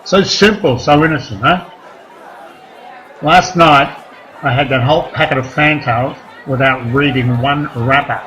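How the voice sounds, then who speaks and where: A man performing a stand-up comedy set, rambling between deadpan one-liners and crude asides. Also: mid-range voice, a little slow, low-quality recording. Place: comedy club stage. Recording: live club recording with crowd noise. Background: audience laughter and room noise.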